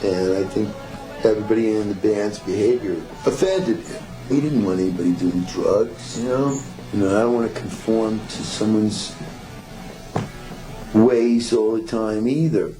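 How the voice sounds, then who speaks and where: A band member reflecting thoughtfully in a documentary interview. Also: male voice, lowish voice, a little slow, over music, rough recording.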